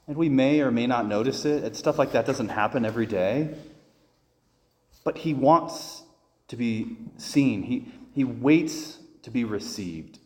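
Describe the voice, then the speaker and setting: A man's voice: mid-range voice, animated, measured pace, big-room sound. A man, a priest, delivering a conversational homily full of personal stories, with frequent restarts and fillers.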